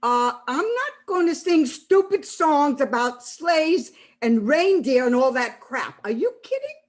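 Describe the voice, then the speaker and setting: A woman acting out a salty, bragging old actress, high voice, swoops up and down wildly, drawls along slowly, stage play. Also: big pitch swings. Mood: boastful. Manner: brash, boastful, salty-tongued. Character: feisty elderly woman, a former actress.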